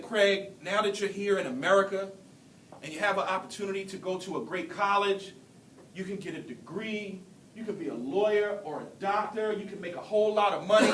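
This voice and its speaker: High-voiced man speaking in an echoey hall. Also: a bit bright. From Brooklyn, New York. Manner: earnest storytelling with deliberate pauses. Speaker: keynote speaker. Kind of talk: motivational speech. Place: large hall at a ceremony. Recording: echoey hall, distant mic, faint rumble.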